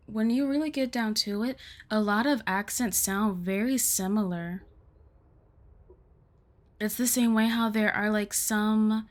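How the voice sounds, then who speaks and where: Chatty young woman streamer. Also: mid-range voice. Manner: rambling, chatty, swears freely. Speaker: streamer playing a game. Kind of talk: casual let's-play commentary.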